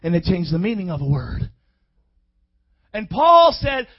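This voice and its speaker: High-pitched guy preaching in church, quiet then shouting, muffled lo-fi sound. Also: very animated, measured pace, pauses often. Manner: call-and-response preaching, swings from quiet to shouting. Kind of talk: sermon. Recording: dull lo-fi recording.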